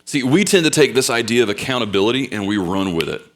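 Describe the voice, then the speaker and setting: A young man preaching a sermon, telling stories with loud bursts and quiet asides. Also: mid-range voice, lively intonation, fast. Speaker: pastor.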